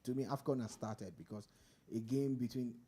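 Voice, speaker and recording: A man's voice: medium pitch, fairly even intonation, moderate pace, dark tone, breathy edge. A man, co-hosting a radio show and giving playful, dramatic football commentary. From Nigeria. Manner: playful, dramatic, pidgin-tinged turns of phrase. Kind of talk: casual radio banter and sports commentary.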